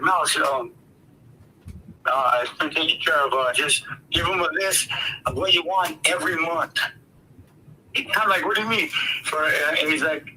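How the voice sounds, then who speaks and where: Bright-voiced man telling a rambling story. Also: fairly high pitch, a little hiss or hum, poor audio. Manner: rambling, swears freely, laughs through tense moments. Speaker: guest storyteller. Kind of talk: casual storytelling on a podcast.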